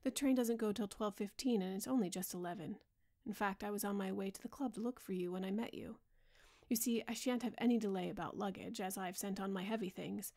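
A woman's voice: medium pitch, a little fast, vocal fry, natural voice. A woman reading a grave, earnest male painter. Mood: chatty. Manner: earnest, pleading, softly spoken. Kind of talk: bedtime audiobook reading.

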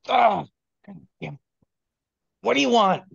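A man's voice: medium pitch, lively intonation, measured pace, sharp tone, no room sound, full character voice. A man voicing a grumpy, short-tempered male cat-folk blacksmith who curses and snaps at customers. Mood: irritated. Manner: gruff, snappish, cursing. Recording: dull lo-fi, dry.

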